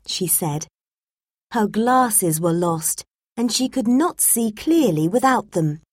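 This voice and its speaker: A woman reading a children's storybook aloud as narrator, in a clear, measured way. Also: mid-range voice, very animated, a little mellow, no room sound, clean studio sound.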